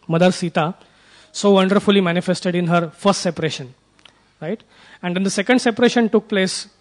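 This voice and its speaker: A man delivers a sermon in a relaxed, conversational way, often pausing to seek his listeners' agreement. His voice sits noticeably high for a man. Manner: conversational, asks the audience for assent. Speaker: preacher.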